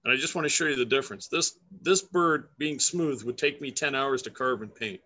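Bright-voiced chatty man carver. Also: mid-range voice, brisk. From Canada. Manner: chatty and playful, laughing often. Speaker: guest woodcarver. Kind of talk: casual demonstration over a live video chat.

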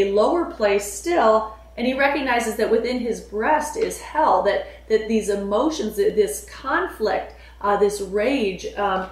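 A woman's voice: a little high, far from the mic. Woman lecturing in an echoey room. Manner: explanatory, paraphrasing quoted verse with fillers. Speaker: literature teacher. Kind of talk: lecture on a poem.

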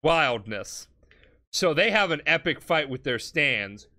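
A man's voice: on the high side, very animated, bright, forceful tone. A drunk man on a comedy podcast, loosely recapping an anime plot in a rambling, sweary way and briefly acting out the characters' lines. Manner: loose, sweary, acts out characters in quick snippets.

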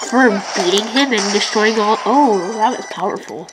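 A woman host giving excitable let's-play commentary, complaining loudly at a boss fight. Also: mid-range voice, normal speed, very noisy. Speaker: gaming channel host. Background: video game music.

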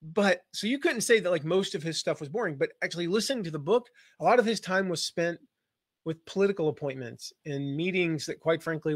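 A man's voice: high voice, no room sound, clean studio sound. A middle-aged man coaching on marketing in a live online lesson, conversational and emphatic, acting out quoted voices.

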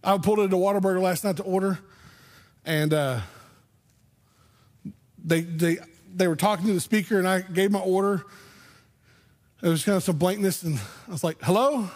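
A man's voice: high-pitched, fairly even intonation, moderate pace, long pauses, a little mellow. A man pastor preaching a sermon in a conversational way, often restarting his words. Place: church sanctuary.

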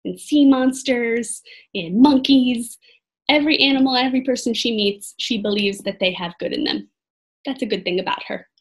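A woman reading a children's chapter book aloud expressively, pausing to talk to her listeners. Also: a little high, husky. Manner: expressive, pauses to comment to listeners. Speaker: storybook reader.

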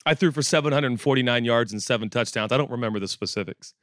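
A man in his forties preaching a sermon, telling stories and joking with the congregation in an animated way. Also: medium pitch, quick pace, dry recording, clean studio sound. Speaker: pastor. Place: church auditorium with audience.

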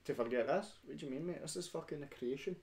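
A man's voice: a little high, fast talker, a little mellow. A young Scottish man hosting a casual beer-drinking stream, full of rowdy, sweary banter. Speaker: stream host. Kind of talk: casual chat.

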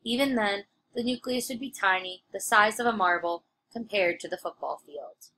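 A woman's voice: medium pitch, moderate pace, sharp tone, rough recording. A woman teacher going over review questions for a fourth grade lesson, explaining patiently with the odd "um". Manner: clear, patient explaining with fillers.

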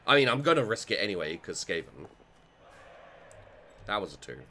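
A man gives let's play commentary on his own game. His lowish voice is bright and forceful, and it swings widely as he reacts. He thinks aloud and curses freely, with a faint hum behind him. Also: sing-song, normal speed. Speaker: gaming channel host.

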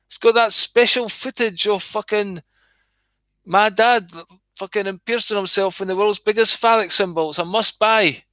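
A man voicing his elderly mother, a shrill and scandalized woman who scolds him for swearing. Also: steady tone, moderate pace, bright, forceful tone, dry recording. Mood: outraged scolding. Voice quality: high-pitched, shrieking, scolding. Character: shrill scandalized old Scottish mum.

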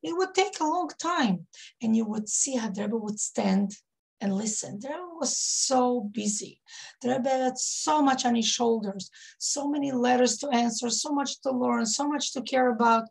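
A woman's voice: a little high, moderate pace, vocal fry, darkish tone. A woman in her fifties from Israel, a rebbetzin telling stories to a women's group, reminiscing with many fillers and restarts. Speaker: rebbetzin leading a women's class. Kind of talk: warm storytelling talk to a women's group.

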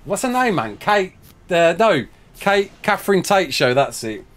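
A man's voice: high-pitched, big pitch swings, measured pace, a bit bright. A British man chatting casually on a live stream, answering viewer questions, laughing often and calling people mate. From United Kingdom.

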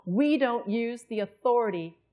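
A woman's voice: on the high side, animated, moderate pace, dark tone. A middle-aged woman, preaching a sermon in a church and telling a personal story in an earnest, conversational way.

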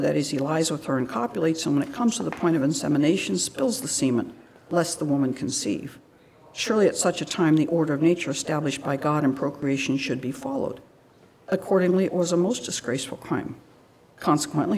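A woman's voice: sits low, vocal fry, darkish tone, slight background noise. A woman giving a public lecture, telling stories in a conversational way with frequent asides.

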